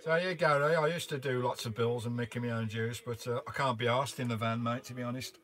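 An older man hosts a relaxed live stream from inside his camper van, greeting viewers one by one as mate or sugar. His talk rambles along with plenty of "uh" fillers at a mid pitch. Faint music plays underneath. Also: quick pace. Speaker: vanlife live-stream host. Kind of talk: casual live-stream chat reading viewer comments.

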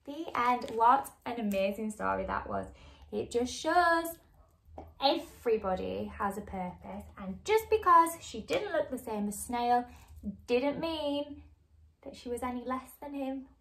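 A woman hosting a children's story time, reading aloud in a bright, expressive, sing-song way. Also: fairly high pitch, measured pace, vocal fry.

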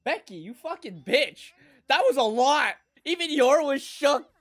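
A woman hosting an anime reaction, moving from soft cooing to loud excited squeals and swearing freely. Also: sits high, unhurried.

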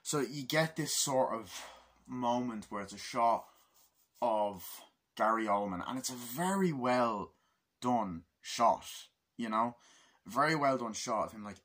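A young man giving a casual spoken movie review, excited and swearing a lot, acting out scenes in a raised voice. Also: medium pitch, slow.

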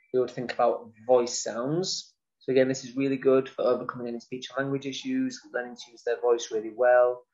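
Man calmly explaining early phonics. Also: mid-range voice, muffled recording. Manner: demonstrates sounds slowly and explicitly. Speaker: nursery teacher. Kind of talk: instructional talk to parents.

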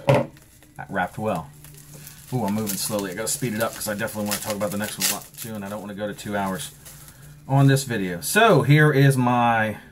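A man in his forties with an Eastern Shore of Maryland accent, chatting casually through an unboxing with a joking, rambling, self-mocking manner. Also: lowish voice. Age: 40s. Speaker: pipe-collecting vlogger.

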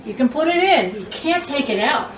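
A woman's voice: sits high, animated, moderate pace. A woman hosting a home cooking show, chatty and exclaiming as she cooks in her kitchen. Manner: chatty and exclamatory, squeals when food turns out well. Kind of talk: casual cooking demonstration. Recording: roomy, distant mic, background hiss.

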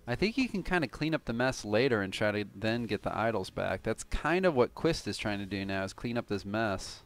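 A man's voice: fairly low pitch, lively intonation, fairly quick. A man from Cleveland giving casual, analytical live commentary on a tournament game, swearing now and then. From Cleveland, USA.

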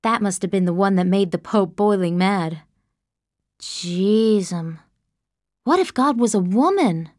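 A woman narrating a story in the first person in an earnest, expressive way, on a close studio mic. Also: mid-range voice, unhurried, no room sound. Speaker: audiobook narrator.

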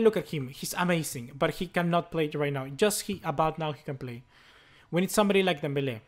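Young man, high voice, excitable gaming commentary, frequent swearing. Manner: excitable, swears often, yells at the game. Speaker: gaming YouTuber. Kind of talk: live commentary over his own game.

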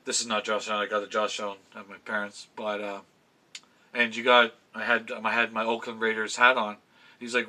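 Chatty man with a bright voice. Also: on the low side, flat delivery, fairly quick. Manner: chatty, self-interrupting, swears casually. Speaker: vlogger giving NFL picks. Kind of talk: casual rambling to camera. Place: home room with fan memorabilia.

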